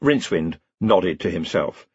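A man narrating an audiobook in a wry, expressive storytelling manner. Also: sits low, a little slow, breathy edge, dry recording, highs cut off. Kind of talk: scripted narration.

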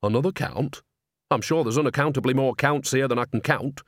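A man's voice: mid-range voice, brisk, dry recording, studio quality, natural voice. A man doing a chatty bustling old witch. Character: gossipy cheerful old witch woman, nosy.

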